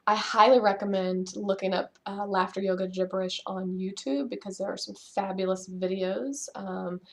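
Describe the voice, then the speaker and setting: A woman's voice: medium pitch, fairly even intonation, moderate pace, a little mellow. A middle-aged woman leading a casual laughter yoga lesson, chatty and playful, with many fillers and bursts of laughter, recorded at home on a camera mic. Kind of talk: casual instructional video. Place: at home, just woken up.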